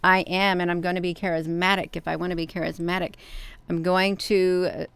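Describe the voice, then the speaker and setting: A woman hosts a casual live stream, talking straight to her viewers in an expressive, excitable way. Her voice sits a little low and sounds smooth and clear. The recording is close and dry. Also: brisk, no echo. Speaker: channel host reading live chat.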